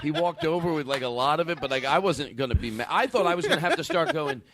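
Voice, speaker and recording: A man hosting a podcast, chatting in an animated, excitable way, repeating himself and laughing often. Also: fairly high pitch, quick pace, a little hiss or hum. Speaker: podcast host. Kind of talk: casual podcast chat.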